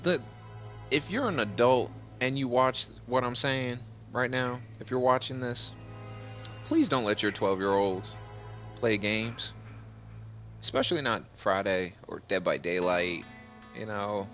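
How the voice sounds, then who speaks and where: A man hosting his gaming channel, casually telling a story over gameplay, getting animated as the story builds. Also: mid-range voice. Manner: animated storyteller, voice jumps up when retelling. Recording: faint music behind.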